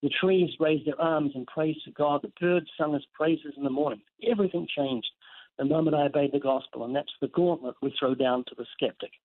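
A man's voice: fairly high pitch, brisk. A man guesting on an interview show, preaching earnestly and telling vivid stories laced with scripture quotes. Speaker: guest author. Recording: tinny phone line.

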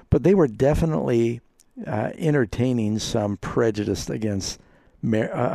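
A man's voice: mid-range voice, gravelly, mellow, no echo, studio quality. A man hosting a radio call-in program as a pastor, explaining Bible passages to callers in an easygoing way.

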